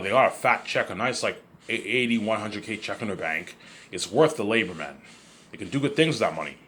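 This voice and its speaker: A man's voice: on the low side, a bit bright, a little hiss or hum. A man vlogging in a rambling casual monologue, repeating himself, stumbling over words and swearing freely.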